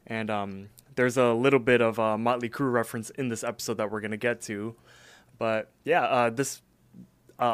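A man's voice: medium pitch, fairly bright tone, smooth. A man co-hosting a podcast, casually recapping an episode in a rambling way with lots of "like" and "um". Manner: rambling, filler-heavy retelling. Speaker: podcast co-host.

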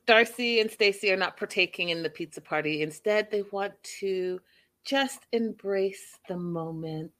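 A woman casually recapping a reality show, telling the story in an animated, opinionated way. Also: medium pitch, measured pace.

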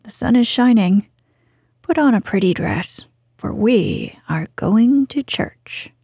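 A woman whispering as a gentle old grandfather. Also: mid-range voice, expressive, slow, dry recording, studio quality, full character voice. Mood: tender. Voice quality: breathy whisper. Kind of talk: whispered role-play.

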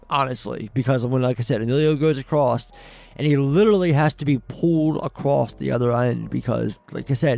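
Gravelly man casually recapping a movie. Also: medium pitch, a little mellow, dry recording. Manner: rambling, profane retelling with many restarts; acts out characters' lines in quick quoted bursts. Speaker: podcast co-host.

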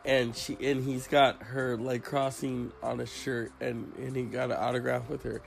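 A man hosting a casual chat, rambling and crude in a deadpan way. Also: mid-range voice, moderate pace, gravelly, faint music behind, low-quality recording.

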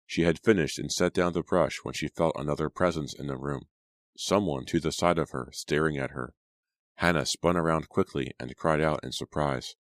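Male audiobook narrator, very deep and low, measured delivery, dry recording. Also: no echo. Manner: steady, measured storytelling. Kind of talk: scripted narration.

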